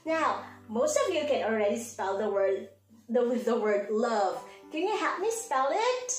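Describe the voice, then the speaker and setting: A woman, a preschool teacher, giving a slow, sing-song morning lesson to small children. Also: on the high side, sing-song, roomy sound, faint music behind. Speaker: pre-K teacher.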